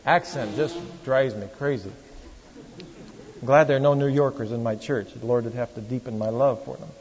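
A pastor, preaching a sermon in a storytelling, conversational manner with wry asides to the congregation. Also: male voice, medium pitch, fairly even intonation, fast talker, a little mellow. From Oregon, USA. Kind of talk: sermon with anecdotes. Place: church. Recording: echoey church hall, dull lo-fi sound.

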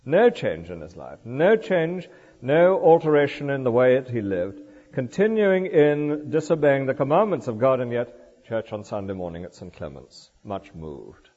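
An older man preaching a sermon in a church, explaining scripture with lively asides and rhetorical questions. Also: mid-range voice, moderate pace. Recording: dull lo-fi recording in a reverberant church.

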